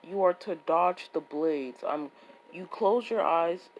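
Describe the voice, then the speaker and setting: A woman voicing a stern, calm adult male swordsman captain who speaks slowly and tersely, like a strict teacher. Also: lowish voice, lo-fi sound, a little hiss or hum. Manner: slow, terse and commanding.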